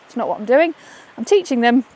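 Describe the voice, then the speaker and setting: A woman's voice: a little high, lively intonation, fairly quick, a little mellow. Chatty woman training dogs outdoors. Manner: chatty, upbeat, keeps asking "okay?". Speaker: dog trainer. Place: outdoors on a walk. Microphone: camera she holds while walking.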